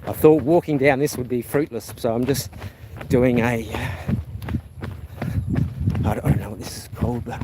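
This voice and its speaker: Kiwi male streamer, mid-pitched, rambling and friendly with viewers, recorded on a phone outdoors with loud ambient noise. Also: normal speed, pauses often. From New Zealand. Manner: rambling, chatty, reads viewer comments aloud. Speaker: live streamer. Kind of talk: casual walking live stream. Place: outdoors on a rural path. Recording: outdoor noise with passing vehicles. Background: outdoor ambience, animals, vehicles.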